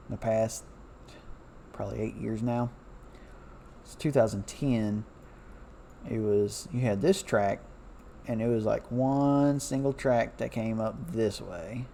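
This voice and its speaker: Man, former railroad hand; gravelly low-key voice, loose rambling delivery with lots of fillers. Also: dark tone, a little hiss or hum. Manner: loose and chatty, many fillers, self-correcting. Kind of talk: casual rambling talk over a map.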